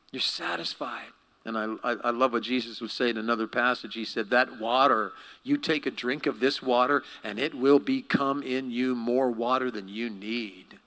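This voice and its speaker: A male pastor preaching a sermon in an animated way, asking the congregation questions. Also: mid-range voice.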